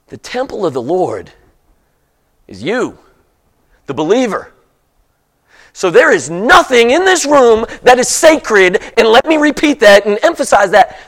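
Lively high-voiced preacher. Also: male voice. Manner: emphatic, repetitive, building to shouts. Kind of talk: sermon. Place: church sanctuary.

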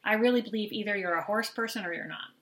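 A woman's voice: medium pitch, fast, fairly bright tone. A middle-aged mother co-hosting a podcast, chatting in a gossipy way and acting out what people said. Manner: chatty, gossipy, acts out quotes. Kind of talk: casual reality-TV recap chat.

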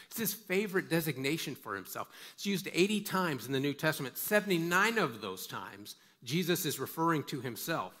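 A man's voice: a little high, lively intonation, fairly quick, hardly any pauses, sharp tone. A male pastor preaching a sermon in an emphatic way, repeating words for stress and putting questions straight to his listeners. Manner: asks listeners direct questions.

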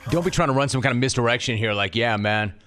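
A man hosting a sports talk radio show, bantering in an animated, mocking, rapid-fire way. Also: medium pitch, faint music behind.

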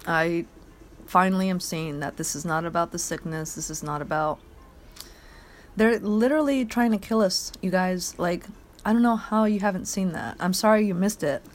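A woman's voice: on the low side, steady tone, normal speed. A woman hosting a solo podcast, rambling bluntly and swearing a lot as she eats. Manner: eating while talking. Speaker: podcast host.

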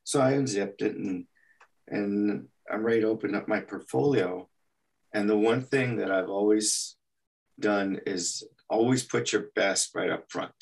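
A man's voice: lowish voice, a little slow, vocal fry, distant mic. A man from El Paso, an animation artist, telling stories in an interview and acting out the quotes. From El Paso, Texas. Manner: animated storyteller, acts out quotes. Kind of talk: anecdotal storytelling.

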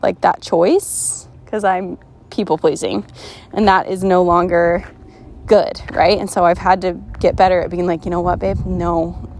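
A woman's voice: lowish voice, fairly even intonation, measured pace, darkish tone. A woman hosting a podcast, talking casually and earnestly to her listeners, full of "like" fillers and restarts. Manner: chatty, many "like" fillers and restarts; earnest and encouraging. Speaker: podcast host. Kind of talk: casual motivational podcast talk.

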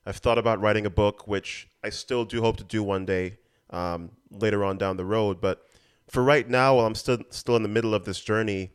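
A man hosting a solo podcast, sincere and earnest, speaking in a relaxed talky way full of fillers. His voice is deep, smooth and resonant. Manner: earnest, sincere, with many "you know" fillers. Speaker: podcast host. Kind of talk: casual solo podcast talk.

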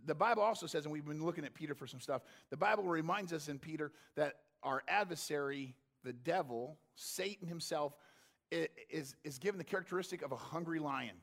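A man preaching a sermon in a conversational way, acting out characters from the story and building to loud, intense passages. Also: a little high, fairly quick, gravelly. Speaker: pastor.

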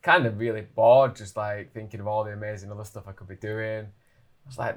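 A young man speaking in a lowish voice. He tells a long story in a casual, lively way. His sentences are full of fillers and quoted asides. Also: fairly quick. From England. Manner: animated, filler-heavy anecdote telling.

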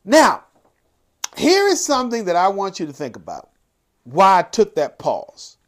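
A man with a high voice hosts his podcast in a loose, casual monologue. He takes his time overall, stretching key phrases out slowly and punching them hard, then rushing through little asides. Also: wildly swooping pitch. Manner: dramatic, swings from quick asides to slow drawn-out emphatic phrases. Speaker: podcast host.

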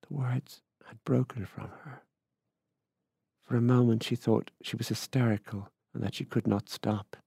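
A man giving a measured literary reading of a short story. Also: mid-range voice, fairly even intonation, vocal fry, warm tone, husky, dry recording, studio quality. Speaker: reader.

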